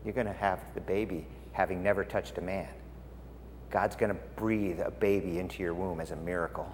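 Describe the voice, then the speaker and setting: A man voicing a calm, reassuring male angel, low and soft, in a reverberant hall. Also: brisk, a little hiss or hum, close to an everyday voice.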